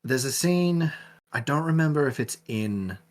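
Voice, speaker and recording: A man's voice: mid-range voice, animated, unhurried. A man chatting casually as a podcast guest, rambling with lots of fillers and restarts.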